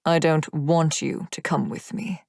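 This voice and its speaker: A woman narrator voicing a cold, mocking young male demon warrior in an audiobook, speaking slowly and in a hushed, smirking tone. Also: level tone, creaky, no echo, clean studio sound. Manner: slow, smirking, low and hushed. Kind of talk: audiobook character voice.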